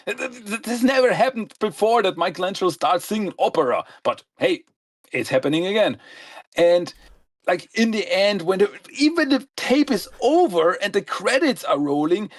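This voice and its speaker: A man's voice: high voice, lively intonation, moderate pace, no room sound. A man co-hosting a podcast, chatting enthusiastically and rambling with frequent laughs. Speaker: podcast co-host. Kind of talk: casual podcast chat. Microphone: podcast microphone, audio only.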